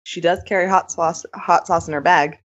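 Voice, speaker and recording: A woman co-hosting a podcast tells a lively anecdote in easy conversational chat, laughing along the way. Her voice sits mid-pitch and comes through a slightly dull, lo-fi channel. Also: normal speed. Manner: storytelling, laughs often. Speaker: podcast co-host. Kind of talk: casual chat.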